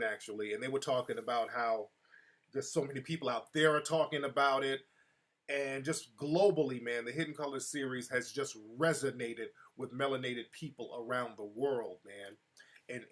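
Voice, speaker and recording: A man's voice: medium pitch, a bit bright. A man hosting his own live show, telling a story in a loose, streetwise manner and breaking off to answer chat comments. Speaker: show host. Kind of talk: casual live-show monologue.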